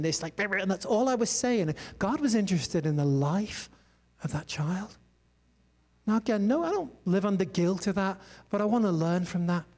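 A male pastor with a high-pitched voice delivers a sermon like he's telling a story over coffee, stopping for loose asides. His voice rings out with a long reverb trail, as if he's in a big church hall. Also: a little mellow. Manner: conversational storytelling with many asides.

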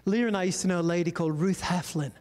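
A male pastor with a high-pitched voice delivers a sermon like he's telling a story over coffee, stopping for loose asides. His voice rings out with a long reverb trail, as if he's in a big church hall. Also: fast, darkish tone. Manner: conversational storytelling with many asides.

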